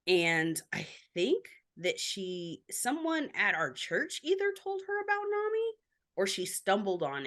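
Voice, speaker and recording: Candid woman with a lower voice telling her story. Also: fairly bright tone. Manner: many filler likes. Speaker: podcast guest. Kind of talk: casual interview chat.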